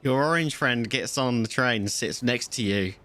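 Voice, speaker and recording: A man's voice: mid-range voice, normal speed, sharp tone. A man, chatting casually to viewers on a live game stream and rambling through a story. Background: faint music.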